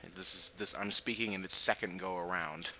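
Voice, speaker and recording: A young man talks over his own gameplay in a relaxed, chatty way, laughing often and dropping sarcastic asides. His voice is bright and somewhat low, and his pitch swings widely as he reacts. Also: a little fast, creaky, a little hiss or hum, low-quality recording. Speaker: gameplay commentator. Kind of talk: casual gameplay commentary.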